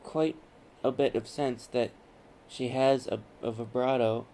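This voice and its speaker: A man's voice: mid-range voice, steady tone, measured pace, dark tone, slight background noise. A young man talking to his own camera on a college campus in a casual, rambling monologue, often repeating and correcting himself as he goes. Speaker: vlogger.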